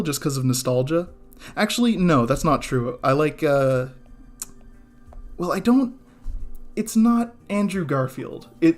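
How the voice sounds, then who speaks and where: A man ranting casually on a live drawing stream, getting heated, swearing and stumbling over restarts before apologizing. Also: on the high side. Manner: heated, swearing, many restarts and self-corrections. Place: home studio with background music.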